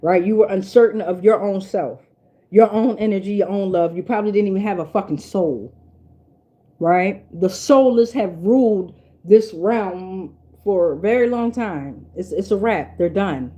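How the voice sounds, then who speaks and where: A woman's voice: mid-range voice, normal speed, warm tone. A woman giving a casual spiritual tarot reading in a blunt, profane and preachy way, repeating lines for emphasis. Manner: emphatic, repeats herself for weight. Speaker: tarot reader.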